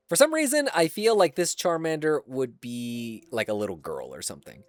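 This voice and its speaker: A man's voice: medium pitch, very animated, moderate pace, hardly any pauses. A man streaming a game who chats to viewers, laughs often and swears casually. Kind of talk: casual live-stream gameplay chat.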